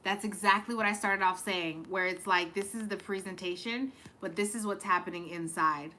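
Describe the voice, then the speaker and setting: Woman, live-stream psychic reader; bright, pressing tone; tearful, rambling, profane. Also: medium pitch, normal speed, slight background noise. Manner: emotional, rambling, with frequent swearing and restarts. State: fighting back tears. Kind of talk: live-streamed channeled reading.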